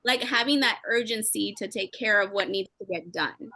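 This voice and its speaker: A young woman sharing a candid, emotional story with her team in fast, chatty talk. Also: medium pitch, sharp tone, no echo. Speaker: team member sharing advice. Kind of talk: candid motivational chat.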